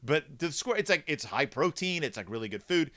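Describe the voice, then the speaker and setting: A man's voice: fairly high pitch, expressive, fairly quick, pushed and bright. A man hosting a comedic review of a children's book, talking in a snarky, rambling way.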